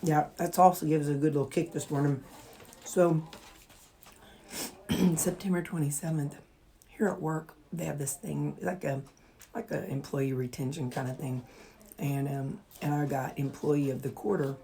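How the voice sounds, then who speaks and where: Low-voiced woman chatting in an echoey kitchen. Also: fairly even intonation, moderate pace, warm tone. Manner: rambling, with many fillers and restarts. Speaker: vlogger. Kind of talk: casual chatty diet vlog. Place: home kitchen. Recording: echoey kitchen with dish clatter.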